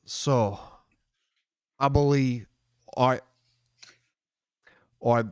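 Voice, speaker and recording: Slow, halting tabletop game master. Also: medium pitch, fairly even intonation, darkish tone, clean tone, no echo, studio quality. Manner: halting, with many restarts and laughs.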